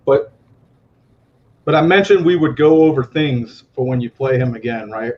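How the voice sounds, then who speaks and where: A male guest in a casual chat, animated and demonstrative, swearing often as he acts out what he means. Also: medium pitch, moderate pace. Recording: dull lo-fi with faint noise.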